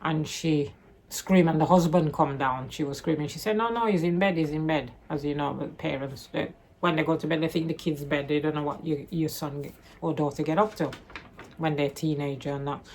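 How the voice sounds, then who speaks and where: A woman's voice: sits low, steady tone, moderate pace, darkish tone. A woman chatting casually through a book review, rambling and correcting herself as she loosely retells the plot.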